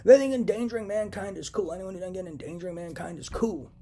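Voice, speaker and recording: A young male vlogger rants alone to the camera at home, agitated and profane, returning to the same points over and over. His voice is high and fast, with background noise in the recording.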